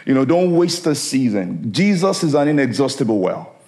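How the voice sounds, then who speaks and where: A man's voice: mid-range voice, very animated, moderate pace, darkish tone. A middle-aged man from Nigeria, preaching a sermon as a guest preacher in an upbeat, laughing style with call-and-response.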